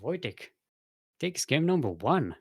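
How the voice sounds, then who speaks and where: A man's voice: fairly high pitch, sing-song, a little slow, breathy edge, dry recording. A man casting a live strategy game match, chatty and self-mocking with trailing fillers. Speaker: esports caster.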